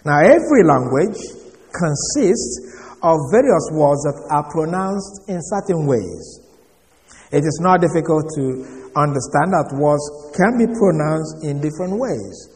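A male preacher teaching from scripture, his voice rising and falling with animated intonation. He speaks deliberately, spelling words out letter by letter. The recording carries a long reverb from a large hall. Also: a little high. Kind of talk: sermon-style Bible teaching.

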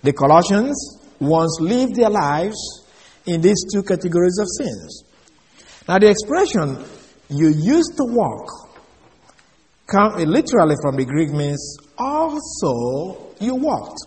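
A man giving an expository Bible lesson, measured and explaining Greek words one by one. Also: sits high, sing-song, a little mellow, in a large hall. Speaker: Bible teacher.

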